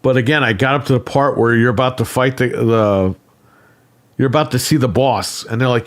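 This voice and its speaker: A man's voice: mid-range voice, steady tone, moderate pace. A man co-hosting a casual gaming livestream, talking bluntly and swearing casually. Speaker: podcast co-host. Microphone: studio microphone.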